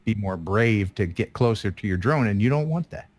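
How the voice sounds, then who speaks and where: A man's voice: on the low side, expressive, normal speed. Chatty self-deprecating man in his fifties. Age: 50s. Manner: chatty, self-deprecating, laughs often, trails off mid-sentence. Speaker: guest co-host. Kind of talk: casual live-stream chat.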